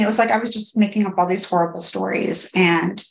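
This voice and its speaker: A woman in her thirties, a podcast guest, speaking candidly and haltingly with many fillers and restarts. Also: medium pitch, gravelly. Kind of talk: candid personal interview. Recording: echoey room.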